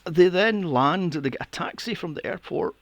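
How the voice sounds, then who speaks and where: A man hosting a podcast, recapping a film plot in a casual, animated way, swearing often and acting out his own reactions. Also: high voice, moderate pace, gravelly, no room sound. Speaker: podcast host.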